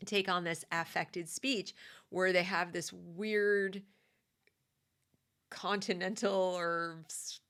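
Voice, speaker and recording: A woman's voice: on the low side, little pitch movement, takes it slowly, long pauses, fairly bright tone. An American woman living in the South gives a conversational, opinionated monologue with fillers and restarts. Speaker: commentary host.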